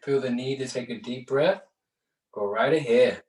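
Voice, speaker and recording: A man's voice: medium pitch, moderate pace, darkish tone. A man teaching a guided breathing class. He talks in a conversational way and often checks in with "right?". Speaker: yoga and meditation instructor. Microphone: far from the mic. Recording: roomy echo, distant mic.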